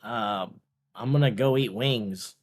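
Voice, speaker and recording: A man's voice: mid-range voice, slow. A man hosting a casual watch-along of a strongman contest, talking in a playful, jokey way with rambling asides. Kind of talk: casual live commentary.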